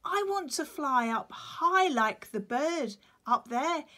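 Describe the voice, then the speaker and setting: An excitable baby penguin from a children's storybook, voiced by a woman reading to a class. He squeaks high and lively, eager and a bit out of breath. The pitch leaps all over the place. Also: slow pace, heavily acted. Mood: curious. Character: excited little male penguin chick.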